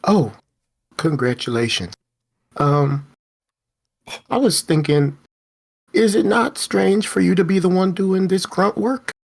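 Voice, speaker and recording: A man's voice: high voice, vocal fry, pitched above the performer's own voice, exaggerated voice. A man doing a gushing eccentric traveler. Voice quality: slow, drawn-out, gushing. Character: eccentric male traveler, effusive creature enthusiast.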